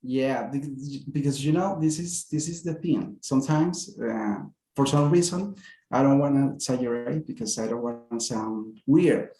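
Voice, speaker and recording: A man's voice: mid-range voice, animated, moderate pace, mellow, roomy sound, rough recording. A man with a Spanish accent, a native Spanish speaker, practicing English pronunciation in a lesson, agreeable and a little hesitant. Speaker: student, accountant.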